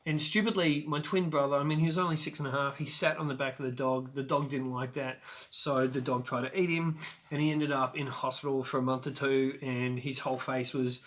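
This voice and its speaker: A man in his forties hosting his own show, telling a personal story in a chatty, animated way with sudden loud bursts. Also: mid-range voice, a little fast. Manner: animated, acts out scenes with sudden loud outbursts; chatty with frequent fillers and restarts. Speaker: show host.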